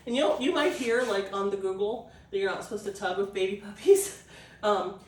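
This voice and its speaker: A woman breeder explaining a puppy temperament test, switching between high coaxing puppy talk and calm explanation. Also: far from the mic, slight background noise. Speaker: dog breeder. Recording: echoey room, voice off-mic.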